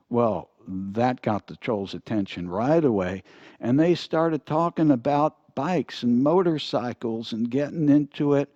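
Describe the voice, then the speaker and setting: An older man telling a folksy story in an easygoing, unhurried way. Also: mid-range voice, animated, a little mellow, dry recording. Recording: dull, lo-fi dry recording.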